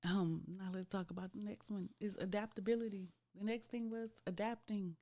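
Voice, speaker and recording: With a steady, mellow, mid-range voice at a normal speed, this podcast host in her thirties opens up about a personal story shaped by faith, addressing her audience head-on.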